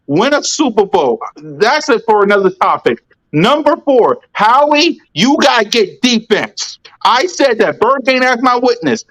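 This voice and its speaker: A man's voice: high voice, fairly bright tone, poor audio. A man hosting a casual sports call-in podcast, talking emphatically and laying out his points one by one. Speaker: podcast host.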